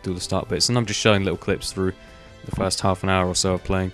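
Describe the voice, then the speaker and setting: A young man chats loosely through a game, full of fillers and offhand swearing. His voice sits very low, with faint music behind him. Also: level tone, quick pace, a bit bright. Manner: rambling, swears casually, many fillers. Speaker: gaming video host. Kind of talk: casual gameplay commentary.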